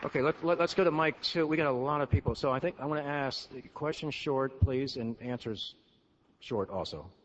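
A man moderating audience questions at a conference, brisk and apologetic as he hurries speakers along. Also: mid-range voice, lo-fi sound, some chatter behind, a little hiss or hum. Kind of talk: chairing a Q&A. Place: large conference hall.

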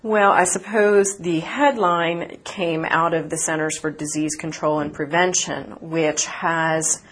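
Woman, reporter, radio interview guest, low voice, husky, measured. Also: fairly even intonation. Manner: articulate, measured, with occasional fillers. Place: conference city, remote from host.

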